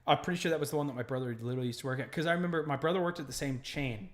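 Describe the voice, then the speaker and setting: A man's voice: medium pitch, rapid-fire. A man hosting a podcast, telling stories in casual chat and swearing freely as he gets worked up. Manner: profane, animated storyteller. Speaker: podcast host.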